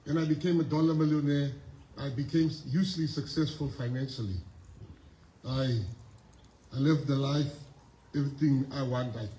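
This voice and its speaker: A South African man in his fifties giving a motivational speech at a school, telling his story emphatically, with repeated phrases and pauses. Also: mid-range voice, fairly even intonation, mellow. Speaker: guest speaker at a school. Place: school assembly hall. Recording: echoey hall with faint ambience.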